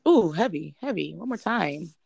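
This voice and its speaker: A woman's voice: lowish voice, lively intonation, normal speed, gravelly, a crowd in the background. A young woman, co-hosting a casual podcast chat, blunt and playful. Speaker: podcast co-host.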